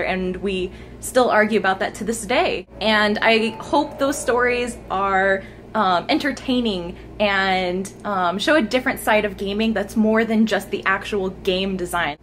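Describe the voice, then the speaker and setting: A woman's voice: medium pitch, fairly bright tone. Upbeat young woman on a phone mic. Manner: upbeat, enthusiastic, chatty. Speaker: gaming YouTuber. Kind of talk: informal channel update vlog. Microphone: smartphone camera mic held close. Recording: smartphone mic, faint background noise.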